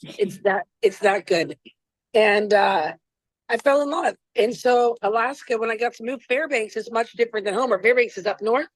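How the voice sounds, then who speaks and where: A woman's voice: on the high side, moderate pace, no room sound, low-quality recording. Female chef guest, conversational and rambling, pokes fun at herself; dead-dry sound. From Florida, US. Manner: chatty, rambling, self-deprecating. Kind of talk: casual interview chat.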